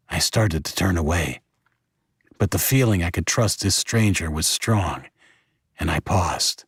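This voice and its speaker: A man narrating a first-person audiobook in a plain, steady storytelling voice. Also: low-pitched, a little slow, creaky, husky, no echo, studio quality.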